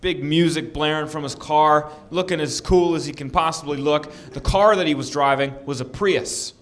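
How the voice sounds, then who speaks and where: A man performing a stand-up comedy set, telling animated stories and acting out shouting characters. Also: fairly high pitch, moderate pace, crowd noise.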